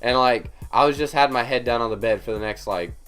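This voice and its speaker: A man's voice: medium pitch, a little fast, music in the background. Young man telling a storytime vlog. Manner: animated, emphatic retelling with lots of fillers. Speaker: vlogger.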